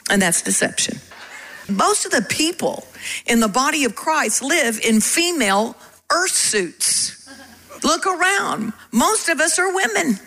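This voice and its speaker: A woman preaching a sermon, animated and coaxing the congregation to join in. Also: on the high side, poor audio. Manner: animated, coaxes the congregation to repeat.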